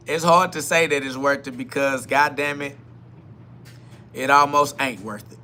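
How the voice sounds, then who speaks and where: Host, male, bright tense voice, preachy live self-talk, faint background hum. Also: medium pitch, unhurried, long pauses. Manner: preachy, repetitive, swings between quiet musing and loud emphatic bursts with laughter. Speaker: podcast host.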